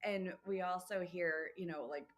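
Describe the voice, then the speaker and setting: A woman's voice: on the low side, steady tone. A woman guest who grooms and trains dogs, explaining dog behavior in an enthusiastic casual chat. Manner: enthusiastic, explains in quick loose bursts, laughs easily.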